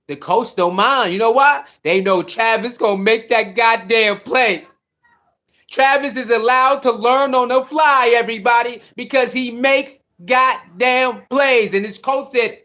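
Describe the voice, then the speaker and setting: A man's voice: high-pitched, measured pace. A man giving a heated, repetitive casual rant about a football team's quarterback choices. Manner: animated, repetitive, preachy. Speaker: sports commentator.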